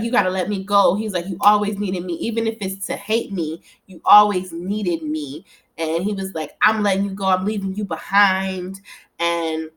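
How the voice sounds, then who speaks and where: A woman casually recapping a TV episode at home, chatty and animated, often laughing and swearing as she quotes the characters. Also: mid-range voice. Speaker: TV recap vlogger. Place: home room.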